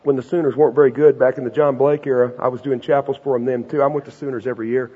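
A man preaching a sermon to students in a folksy, animated, slangy storytelling manner. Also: medium pitch, rapid-fire, slightly rough. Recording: dull recording with long hall reverb.

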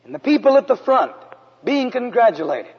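A man from San Antonio, Texas, preaching a storytelling sermon in an earnest way, sometimes dropping to a hush. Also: extremely high pitch, big pitch swings, normal speed, breathy edge. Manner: earnest narrative preaching, drops to hushed tones for emphasis. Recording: dull, echoey hall recording.

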